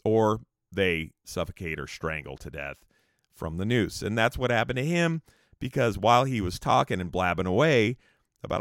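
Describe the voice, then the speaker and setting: A man's voice: on the low side, lively intonation, normal speed, a bit bright, no room sound, clean studio sound. A man hosting a podcast, telling a history story casually, rambling with restarts and asides. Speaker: podcast host.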